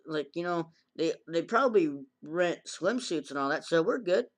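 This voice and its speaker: A man's voice: fairly high pitch, normal speed. A man casually recapping an anime episode in a rambling way, acting out the characters' lines in a raised voice. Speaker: anime reviewer.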